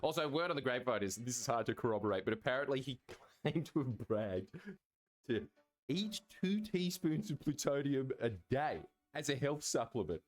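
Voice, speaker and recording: An Australian man performs a scripted comedy monologue in a sarcastic, irreverent way. He swears casually and keeps slipping into quick voices. His voice sits at an ordinary pitch for a man. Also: lively intonation.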